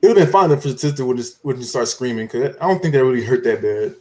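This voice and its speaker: A man's voice: medium pitch, animated, fast, warm tone. A man co-hosting a podcast in casual chat, walking through events step by step in a loose, rambling way. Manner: rambling step-by-step recap with restarts. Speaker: podcast co-host.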